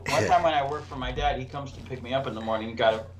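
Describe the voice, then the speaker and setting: A man's voice: medium pitch, fast talker, poor audio. Profane storytelling man, faint hiss. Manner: profane, laughs through his own punchlines. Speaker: podcast co-host. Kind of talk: casual storytelling chat.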